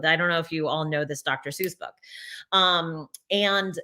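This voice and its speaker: Woman, bright tense voice, casual talk, restarts and fillers, firm and emphatic. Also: deep voice, moderate pace. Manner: rambling, many restarts and fillers. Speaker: speaker addressing an audience.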